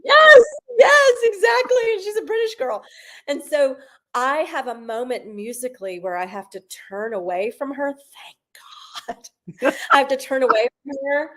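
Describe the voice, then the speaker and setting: Animated woman telling a stage story. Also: high voice, normal speed. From South Carolina. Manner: animated storyteller, sings snatches of lines. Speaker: guest, Broadway singer. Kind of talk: casual interview chat.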